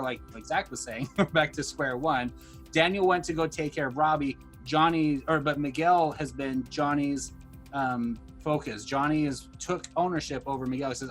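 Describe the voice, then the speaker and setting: Animated man retelling TV scenes. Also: medium pitch, normal speed, faint music behind. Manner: animated retelling of scenes, acting out quoted lines. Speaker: podcast co-host. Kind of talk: casual discussion of a TV show.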